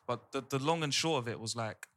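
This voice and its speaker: A man co-hosting a casual podcast chat, an animated storyteller who swears freely. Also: medium pitch, brisk. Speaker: podcast co-host.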